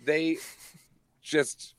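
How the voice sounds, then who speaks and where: A man's voice: very slow, no echo. A man on a casual podcast panel, telling a rambling story with hesitations. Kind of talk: casual chat.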